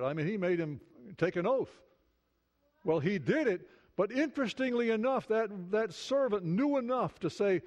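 A middle-aged male pastor preaching a sermon earnestly, moving between hushed prayerful passages and emphatic points. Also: high-pitched, expressive, moderate pace, dull audio.

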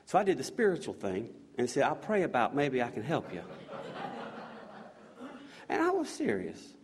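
A man's voice: medium pitch, big pitch swings, fast talker, crowd noise. A middle-aged man giving an earnest personal testimony, telling his story in a loose, conversational way with frequent restarts. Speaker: volunteer sharing his faith story.

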